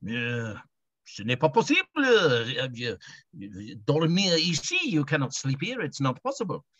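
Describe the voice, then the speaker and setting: A man's voice: mid-range voice, big pitch swings, unhurried, a bit bright, dry recording. A man voicing a fussy local Frenchman with a French accent, insisting in broken English mixed with French, over a dull lo-fi video call. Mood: insistent.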